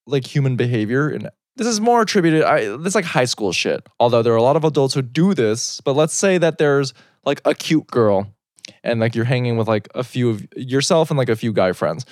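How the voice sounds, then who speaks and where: A man talking things over in a relaxed chat, his voice rising and falling widely. He thinks aloud at length, laughs easily and swears now and then. The recording is dry and close. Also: medium pitch, dry recording. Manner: reflective, quick to laugh and swear. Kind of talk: casual chat.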